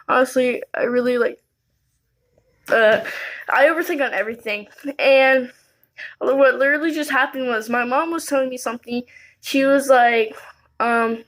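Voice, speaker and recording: Young female vlogger, high voice, rambling, filler-heavy, anxious self-talk. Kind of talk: casual to-camera talk.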